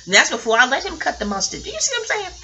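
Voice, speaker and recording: A sassy middle-aged woman from New talks in a loose, wandering monologue, cursing freely as she goes off on tangents. Her New colors a bright, forceful voice that leaps high and drops low. It sounds like a casual, unscripted vlog. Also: wildly swooping pitch, racing, a little hiss or hum. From New York. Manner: profane, digressive, sassy. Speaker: TV recap vlogger.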